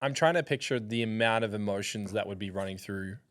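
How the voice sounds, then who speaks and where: A man's voice: lowish voice, a little fast, a bit bright, slight background noise. A man hosting a podcast who asks his guest questions hesitantly, often repeating words. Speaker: podcast host. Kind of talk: interview questions.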